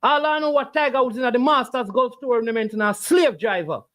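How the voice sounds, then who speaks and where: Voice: mid-range voice, fairly quick, fairly bright tone. A livestream host, arguing back at the chat with preachy rhetorical questions. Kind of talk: casual argumentative livestream talk.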